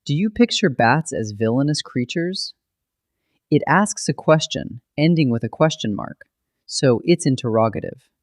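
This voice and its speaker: A man guides students through a grammar lesson in scripted narration, steady and methodical. His voice sits at an ordinary middle pitch. The recording is dry and close, with no room echo. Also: moderate pace. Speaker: grammar teacher.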